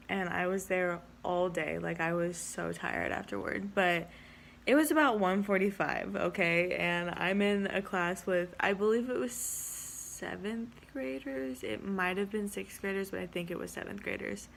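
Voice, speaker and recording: A woman's voice: mid-range voice, a little slow, creaky, a little hiss or hum. A young woman, an education student, casually telling a story in a vlog, chatty and giggly, saying "like" often. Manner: chatty, heavy use of "like", giggly.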